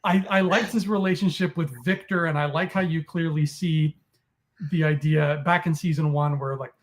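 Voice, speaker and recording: A man in a casual chat, animated, acting out his own reactions as little quotes. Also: fairly high pitch, moderate pace.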